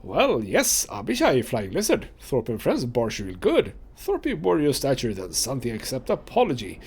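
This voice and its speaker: A man's voice: mid-range voice, huge pitch swings, moderate pace, slightly rough, heavily acted. A man voicing a huge, dim-witted male brute warrior who talks in broken, simple speech. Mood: plodding.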